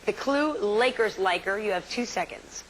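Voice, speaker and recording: A woman's voice: medium pitch, animated, moderate pace, background noise. A woman hosting a TV game show, chatty and upbeat, laughing easily and stressing words in a sing-song way.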